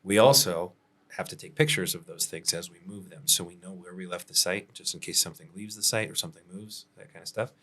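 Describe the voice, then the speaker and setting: Male contractor, podcast host, very deep voice, relaxed storyteller who chuckles often. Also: a little fast, breathy edge. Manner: laid-back, chuckles often, many fillers.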